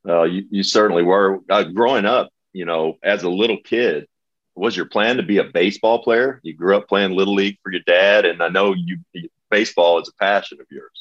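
Low-voiced interview host, lo-fi. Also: male voice, fairly quick, fairly bright tone. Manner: asks questions, short affirmations. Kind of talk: casual interview. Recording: dull lo-fi sound.

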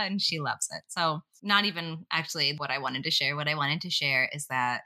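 A woman with a very low but bright, forceful voice, co-hosting a relaxed podcast chat. She tells stories with animation and laughs often, talking over a call. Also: a little fast, few pauses. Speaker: podcast co-host.

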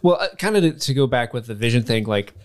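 A man's voice: mid-range voice, animated, fast talker. A man co-hosting a podcast, rambling loosely through a casual chat and swearing freely. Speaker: podcast co-host.

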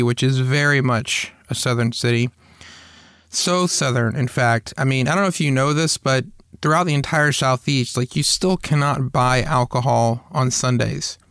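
Recorded with studio quality and no echo, a man from the Atlanta area, US, hosts his own podcast in a mid-range, slightly bright voice with vocal fry. He chats casually, pokes fun at himself, and keeps restarting and wandering off on tangents.

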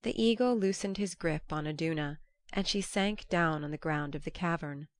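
A woman narrating an old-fashioned storybook in a measured, storytelling manner. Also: sits low, no echo. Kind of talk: storybook reading.

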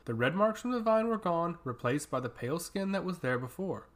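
A man narrating a fantasy story with a steady, dramatic reading. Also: a little high, fairly quick.

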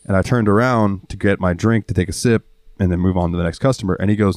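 Deep-voiced Southern man telling work stories. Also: fast talker, no room sound, clean studio sound. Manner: profane, animated storyteller acting out customers. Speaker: podcast co-host. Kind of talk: casual chat, storytelling.

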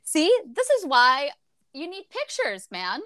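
A woman's voice: high voice, huge pitch swings, takes it slowly, fairly bright tone, no echo, studio quality. A woman co-hosting a podcast, chatting casually about a book, swearing and laughing often. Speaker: podcast co-host.

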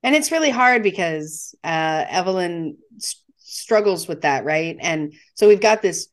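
A woman's voice: on the low side, expressive, unhurried. A woman co-hosting a podcast, chatting casually as she retells scenes from a film, with fillers. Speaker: podcast co-host. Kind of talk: casual movie discussion.

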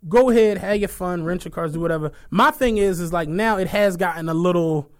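A young man hosting a podcast, telling stories in a casual, animated and profane way. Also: sits high, a little fast. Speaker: podcast host. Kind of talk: casual chat.

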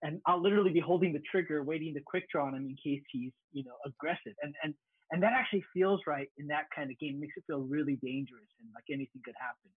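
A man co-hosting a casual gaming chat, telling stories with animated energy. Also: on the high side, breathy edge, no room sound, phone-quality sound. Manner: fast, animated storyteller. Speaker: podcast co-host.

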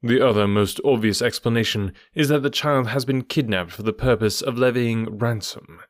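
A shrewd, cool detective from a storybook reading, played by a man. He speaks in a bland, smooth, measured way, and the voice is dry and close, with no room sound. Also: medium pitch, no echo, close to an everyday voice. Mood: blandly probing. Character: cool, shrewd male detective, middle-aged.

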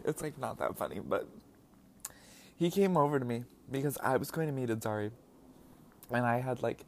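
With slight background noise, a medium-pitched young man hosts a podcast from indoors, eating as he records. He tells personal stories in a casual, chatty monologue, laughing often and filling his speech with "like."

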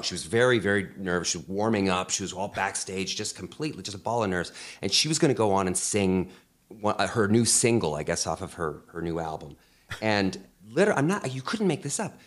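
Male guest with a low, animated voice, dry self-mocking humor, casual chat. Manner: joking, self-mocking storyteller.

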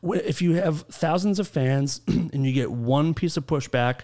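A man's voice: fairly high pitch, a little slow, dark tone. A man hosting a casual podcast, joking with his guests in a dry, sarcastic way. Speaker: podcast host.

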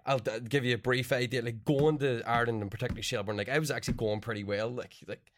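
A man's voice: mid-range voice, steady tone, fast, a little hiss or hum. A man co-hosting a podcast, talking in a laid-back way with plenty of "um" and "like". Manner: laid-back, full of fillers like um and like. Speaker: podcast co-host. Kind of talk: casual chat.

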